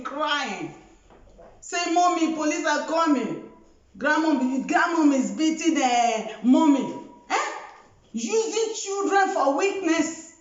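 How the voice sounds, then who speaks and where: Scolding woman, high voice. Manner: lecturing, scolding, keeps asking "Eh?". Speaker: host. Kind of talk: scolding commentary monologue. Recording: echoey dull lo-fi room.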